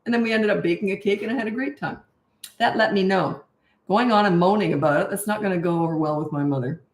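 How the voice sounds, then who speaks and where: A woman's voice: medium pitch, fast talker, roomy sound. A woman in her sixties, a parenting coach answering questions in a casual livestream, telling stories in a chatty way with fillers and laughs. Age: 60s.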